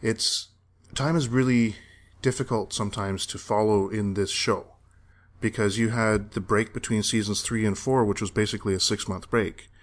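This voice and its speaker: A man's voice: fairly low pitch, steady tone, moderate pace. A man co-hosting a podcast, chatting casually and rambling as he corrects himself on details. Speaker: podcast co-host reviewing a TV series. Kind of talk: casual chat.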